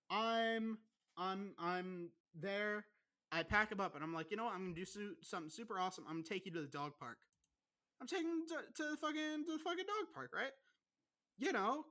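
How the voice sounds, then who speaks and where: A young man holds forth on a casual podcast, cursing in nearly every sentence as he builds a rant. His voice is bright and forward, and his delivery stays animated and aggrieved. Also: sits high. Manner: swears constantly, ranting, animated. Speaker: podcast co-host.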